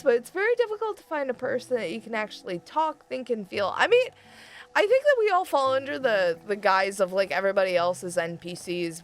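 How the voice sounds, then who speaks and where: A woman streaming a game, chatting casually with her viewers, laughing often and swearing freely. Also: medium pitch. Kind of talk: casual gameplay chat with chat.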